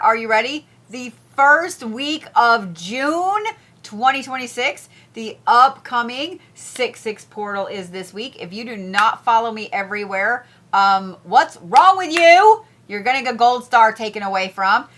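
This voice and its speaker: A woman's voice: fairly high pitch, bright, forceful tone. A woman hosting casual zodiac and crystal reads, blunt and profane, repeating herself as she talks. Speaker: spiritual reader, host.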